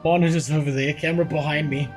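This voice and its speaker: A man's voice: fairly high pitch, steady tone, fast, darkish tone. A man livestreaming from a small room at home, chatting casually, rambling and swearing and mocking himself, a little queasy after being sick. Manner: profane, rambling and self-mocking.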